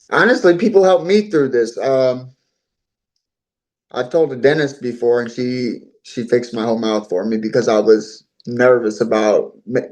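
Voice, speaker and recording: A man as an interview guest, telling his own story in a voice of average pitch. He talks on earnestly and at length, and he often repeats and restarts his words. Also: darkish tone, rough recording. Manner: earnest, talkative, repeats himself.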